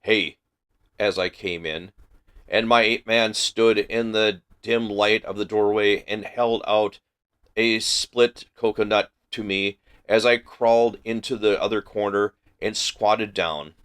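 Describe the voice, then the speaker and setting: A man hosting a book club livestream, reading a classic novel aloud in a careful, measured way. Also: lowish voice, fairly even intonation, fairly bright tone, clean tone.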